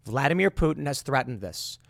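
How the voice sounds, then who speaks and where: A man giving sarcastic political commentary, mocking and animated, who jumps between loud outbursts and quiet asides. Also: medium pitch, brisk, creaky, dry recording.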